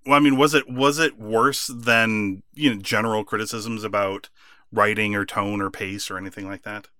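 A man's voice: fairly low pitch, fairly even intonation, normal speed, sharp tone, no echo, studio quality. An American man co-hosting a casual discussion, thoughtful and searching for words. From United States. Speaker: podcast co-host.

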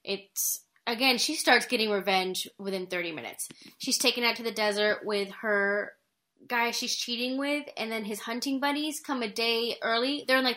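Woman, podcast co-host, casual chat, rambling, laughs, bright, slightly high voice. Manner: chatty, rambling, laughs often. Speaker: podcast co-host reviewing movies.

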